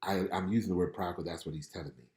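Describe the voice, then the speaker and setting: A middle-aged spiritual life coach gently prays and encourages viewers during a live online stream, reading their comments aloud. His delivery is conversational, with the careful enunciation of a former radio announcer. His voice sits low with fairly even intonation, he speaks very fast, and the sound is roomy.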